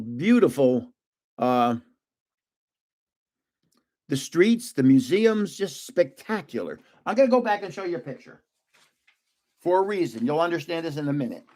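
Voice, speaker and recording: Older New man, rambling and high-voiced. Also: darkish tone. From New Jersey. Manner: rambling, with frequent restarts and trailing asides. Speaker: live stream host. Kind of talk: casual storytelling.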